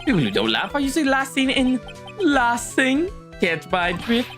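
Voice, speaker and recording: A woman's voice: high-pitched, huge pitch swings, moderate pace, faint music behind, voice pushed up. A woman voicing a boisterous male circus clown who cracks jokes. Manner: boisterous, punning, showy. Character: loud goofy male circus clown, joking.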